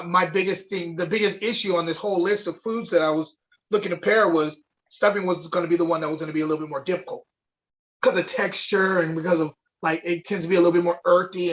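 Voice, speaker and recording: High-pitched guy, chatty and excited, going over wine on a livestream. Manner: enthusiastic, chatty, with fillers. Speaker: wine tasting co-host. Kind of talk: live online wine tasting chat. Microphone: webcam or desk mic on a video stream.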